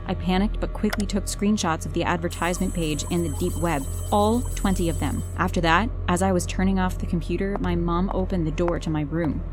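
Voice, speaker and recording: A woman narrating an animated story in a brisk, earnest way. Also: fairly low pitch, a little hiss or hum.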